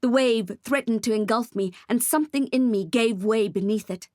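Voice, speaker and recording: A woman reads a first-person audiobook with intense, emotional delivery. Her voice sits a little high, and the recording is close and dry, with no room echo at all. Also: moderate pace, a little mellow. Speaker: audiobook narrator.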